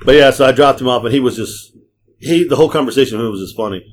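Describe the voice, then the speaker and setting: A man's voice: mid-range voice, racing, slight background noise. A man hosting a podcast, telling long profane stories in a casual chat and acting out the people in them. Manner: profane, rambling anecdotes; acts out quoted people. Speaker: podcast host and rideshare driver.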